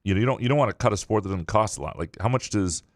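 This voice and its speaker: A man co-hosting a sports podcast, answering listener questions in a casual, halting way with frequent restarts. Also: lowish voice, no room sound, studio quality. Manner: halting, many restarts and fillers. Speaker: podcast co-host.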